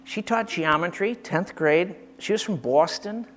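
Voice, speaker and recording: A man's voice: high voice, measured pace, slight background noise. A man from Michigan telling comic anecdotes about his old school teachers in a casual storytelling style. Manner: animated, comic, acts out quotes, frequent restarts.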